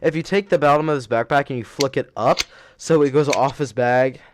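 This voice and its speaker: A man's voice: medium pitch, fairly quick, noisy background. A young man hosting a podcast, telling stories in a rambling, self-correcting way and laughing as he goes. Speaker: podcast host. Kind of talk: casual storytelling chat.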